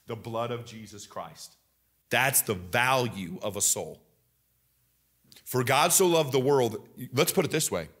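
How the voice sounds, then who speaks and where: A young adult man with an American Midwest accent preaching a sermon in a church, rising higher and louder at the climaxes. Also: expressive, measured pace. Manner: emphatic preaching, rising loud and high at climaxes. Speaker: pastor.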